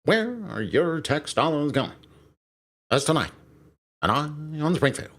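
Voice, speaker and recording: A man's voice: animated, takes it slowly, a bit bright, heavily acted. A man doing Kent Brockman, pompous anchor. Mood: newsreader bluster. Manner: booming newsreader delivery. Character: pompous male TV news anchor.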